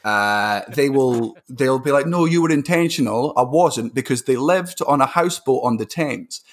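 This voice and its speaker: A young Scottish man, a comedian guest, telling stories in a sweary, animated way during a casual podcast chat. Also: medium pitch, unhurried. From Scotland.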